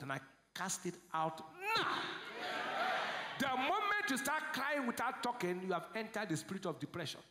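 A man with a Nigerian accent preaching a sermon as pastor, calling out questions to the congregation and swinging between shouts and low asides. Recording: echoey church hall.

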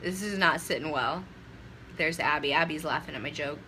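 Speaking at a moderate pace in a low-sitting, bright and forceful voice, a young livestream host chats loosely with viewers through her phone camera, rambling, straying from the point and offering advice. The poor audio carries a little hiss or hum.

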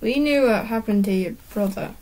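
A woman reading the lines of a cautious fourteen-year-old boy in her story, flat and hesitant. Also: fairly high pitch, normal speed, close to an everyday voice, rough recording.

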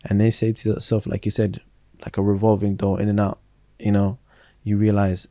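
A low-pitched man hosts a podcast conversation, speaking in a level, unhurried line. His tone is dark and mellow, and the sound is dry and close. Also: no room sound. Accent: British. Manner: even, affirming, many "you know" fillers. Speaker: podcast host. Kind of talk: casual podcast interview.

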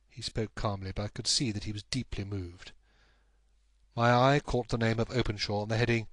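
A man's voice: lowish voice, fairly even intonation, a little fast, no echo. Dry-voiced male audiobook narrator.

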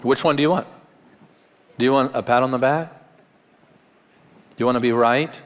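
A man's voice: medium pitch, measured pace. A pastor delivers a live Sunday sermon in an emphatic, conversational voice, dropping in wry asides. His voice sits in the middle for a man. The recording carries the long reverb of a large church auditorium.

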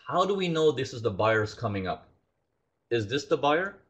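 A man's voice: mid-range voice, very animated, normal speed, fairly bright tone. A man teaching a live trading lesson, asking his audience questions and acting out traders' inner thoughts. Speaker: trading instructor.

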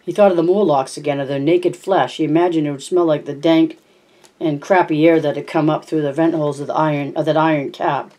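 Low-voiced woman reading a novel. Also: fairly quick. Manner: steady, plain narration with small slips. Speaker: audiobook reader.

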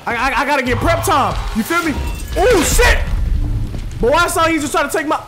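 Man, very high voice, AAVE, excitable gameplay commentary, swearing, game music behind. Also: a little fast. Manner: excitable, profane, talks to the game and chat. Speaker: gaming streamer.

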